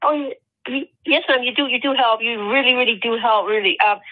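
A woman calling in from Colorado comes through a thin, narrow phone line, her voice sitting high. She is hesitant and earnest, stumbling and restarting as she asks. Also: fairly even intonation, fairly quick. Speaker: caller.

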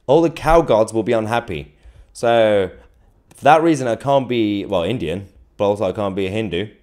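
A man's voice: fairly low pitch, moderate pace, a little mellow. A man hosting a political live stream, chatting casually and jokily as he reads viewer comments, with frequent chuckles and rambling asides. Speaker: political livestream host.

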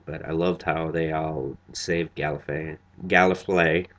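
Deep-voiced man rambling through a review. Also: flat delivery, a little slow, muffled recording. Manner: rambling, many fillers and restarts. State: tired after a long night. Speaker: vlogger reviewing a TV episode. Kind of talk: casual spoken review.

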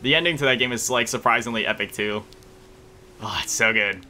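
A man's voice: on the low side, fairly quick, sharp tone, slight background noise. A man giving rambling, jokey commentary while playing a game, tired early in the morning. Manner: rambling, jokey, sing-song asides. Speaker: gaming YouTuber. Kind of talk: casual gameplay commentary.

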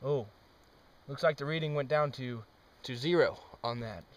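A young man giving a deadpan, mock-serious comic monologue outdoors, with sudden loud outbursts. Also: medium pitch, moderate pace, far from the mic. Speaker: amateur experimenter. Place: outdoors on a trail.

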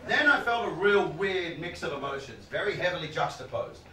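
A man doing a stand-up routine, his high voice leaping all over the place as he swears and laughs his way through the bit. He is picked up from a distance in a roomy live venue. Audience noise sits clearly behind him. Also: brisk. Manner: animated, swearing, laughing storyteller. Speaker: stand-up comedian.

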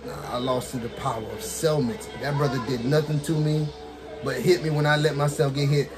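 A man casually commentating his own fighting game match, excitable, talking to the characters on screen and laughing often. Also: a little high, moderate pace, soft background music. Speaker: gaming streamer.

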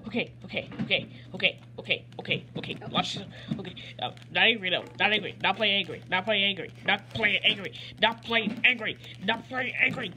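A woman voicing an excitable male cowboy toy sheriff in gameplay commentary, repeating and sputtering words. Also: fairly low pitch, fast talker, hardly any pauses, slight background noise. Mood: frustrated. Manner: repeats phrases over and over, sputters and stammers. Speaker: gamer playing in character.

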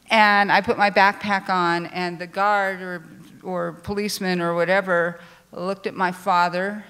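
A woman telling a personal story on stage at a live storytelling show, animated and self-deprecating, with frequent restarts. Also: fairly low pitch, measured pace, smooth. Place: theater stage before a live audience.

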